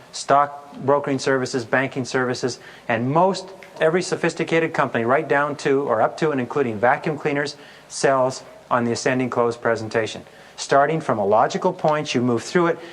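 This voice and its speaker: Upbeat man teaching a sales technique. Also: fairly high pitch. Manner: storytelling, acts out customer voices. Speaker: sales trainer. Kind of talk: recorded sales seminar talk.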